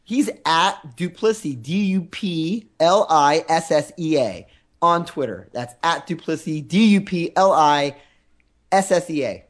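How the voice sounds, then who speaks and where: A man co-hosting a comedy podcast in casual chat, playful and animated, slipping into mock announcements. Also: on the high side, unhurried. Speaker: podcast co-host.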